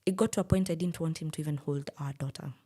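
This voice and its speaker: A woman's voice: deep voice, fast talker, warm tone, breathy edge. A woman, speaking candidly as a guest and telling a personal story in a podcast interview. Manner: candid, plain-spoken.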